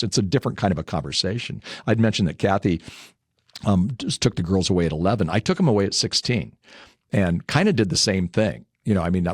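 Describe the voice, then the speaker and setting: A man's voice: low-pitched, dry recording, studio quality. An older man, a guest in an interview, chatting through anecdotes about his family and laughing as he tells them. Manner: chatty, anecdotal, laughs while telling stories. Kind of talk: casual interview storytelling.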